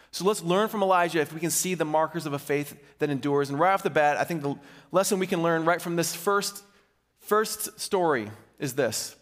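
A man's voice: on the high side, fairly bright tone, in a large hall. A man preaching a sermon as pastor, reading scripture dramatically and then challenging his listeners directly. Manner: dramatic, emphatic reading of quoted speech.

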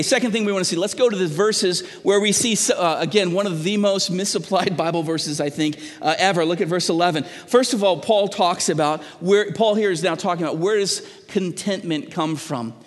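A middle-aged pastor with a high voice preaches a sermon earnestly to his congregation, stumbling into restarts and putting questions to the people. A long hall reverb surrounds the recording.

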